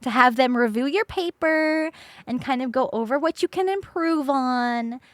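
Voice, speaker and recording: A woman's voice: sits high, moderate pace, no echo, studio quality. A young woman streamer telling a story casually to her chat, laughing often and swearing freely.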